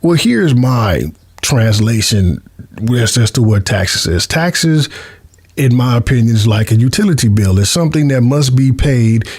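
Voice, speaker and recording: A certified tax preparer, a man, teaching taxes in a relaxed explainer style, repeating words now and then. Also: medium pitch, measured pace, breathy edge. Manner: friendly, repeats words, chuckles at his own jokes. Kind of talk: casual explainer lesson.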